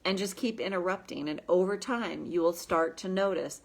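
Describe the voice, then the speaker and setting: Woman coach talking self-help, lowish voice, gentle but blunt. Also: normal speed, hardly any pauses. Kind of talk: self-help talk to viewers.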